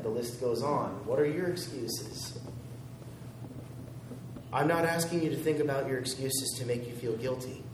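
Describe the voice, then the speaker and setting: A man's voice: medium pitch, unhurried, pauses often, reverberant, recorded from a distance, slight background noise, low-quality recording. A man preaching a sermon as a pastor, conversational, chuckling at his own jokes.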